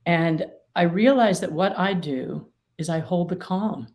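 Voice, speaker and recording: A woman's voice: on the low side, a little slow, a little mellow. A middle-aged woman, an attorney mediator and author, explaining her ideas emphatically with vivid everyday examples in an interview. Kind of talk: interview conversation.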